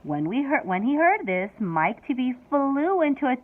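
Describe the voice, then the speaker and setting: A teacher reading a children's book aloud with expressive storytelling, over tinny phone-like audio. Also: female voice, high-pitched, moderate pace.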